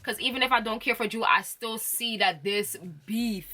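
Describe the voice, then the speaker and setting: A young woman casually recapping reality TV, opinionated and animated, often laughing. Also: on the high side, normal speed, soft background music. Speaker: reality TV commentator.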